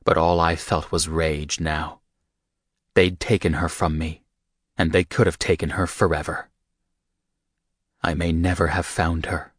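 A man reads a first-person audiobook in a measured, steady way. His voice sits very low. The sound is dry and close, with no room around it. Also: husky, no room sound. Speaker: audiobook narrator.

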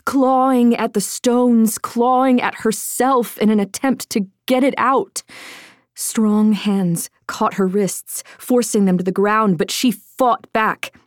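Slow, measured woman narrating a fantasy audiobook. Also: fairly high pitch, no room sound, studio quality. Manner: measured, dramatic reading.

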